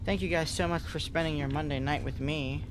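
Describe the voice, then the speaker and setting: A man talks loosely and chattily while streaming a game, reacting to viewer messages as he plays. His voice sits a little high. A steady bed of noise runs under the recording. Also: brisk. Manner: chatty, reads viewer comments aloud. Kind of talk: casual live-stream chat while gaming.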